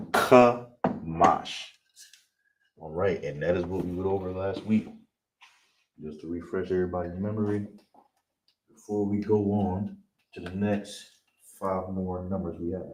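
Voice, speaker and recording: A man teaching a class, often asking "all right?" and spelling out sounds slowly in pronunciation drills. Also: deep voice, steady tone, noisy background. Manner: repetitive, checks in with "all right?" and "you understand?"; slow, drawn-out pronunciation drills. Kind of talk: classroom lesson on Hebrew numbers. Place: classroom with a board.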